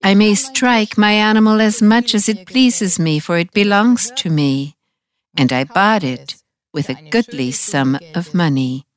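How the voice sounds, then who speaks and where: A woman's voice: medium pitch, unhurried, natural voice. A woman reading aloud as a defiant man defending how he treats his own horse. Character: stern, earnest male animal owner.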